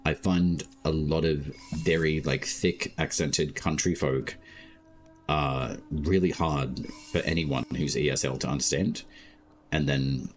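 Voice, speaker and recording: An Australian man chatting casually while streaming a game, talking slowly and laid-back with many filler words. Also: extremely low pitch, fairly even intonation, soft background music. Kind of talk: casual live-stream chat.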